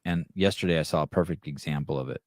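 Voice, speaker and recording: A man's voice: extremely low pitch, fast, no echo, clean studio sound. A man hosting a live call-in podcast, talking bluntly with heavy profanity, restarting sentences as he tells stories. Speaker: podcast host. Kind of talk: casual live call-in chat.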